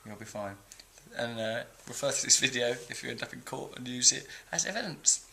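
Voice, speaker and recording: Cheeky English man, bright and punchy. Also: mid-range voice, fairly quick, creaky, slight background noise, poor audio. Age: 40s. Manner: cheeky, mock-indignant, jumps between loud outbursts and mumbled asides. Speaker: host reading viewer comments. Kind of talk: comic comment reading.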